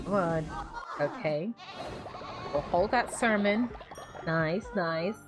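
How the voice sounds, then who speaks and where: A woman's voice: fairly low pitch, takes it slowly, pauses often, music in the background. A woman streaming a game with wry, joking commentary. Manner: wry, joking, sings silly bits. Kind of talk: casual gameplay commentary.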